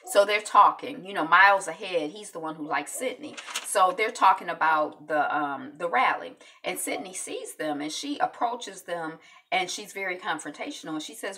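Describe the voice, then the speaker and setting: A woman casually recapping a TV episode, chatty and loose, with lots of ums and quick asides. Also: on the low side, lively intonation, bright, forceful tone, recorded from a distance. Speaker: TV recap vlogger.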